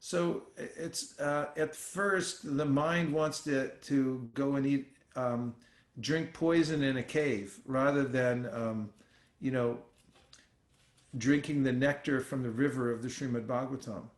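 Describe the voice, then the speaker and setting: A man giving a scripture class as a spiritual teacher, telling stories in a musing, halting way with fillers. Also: mid-range voice, steady tone, reverberant.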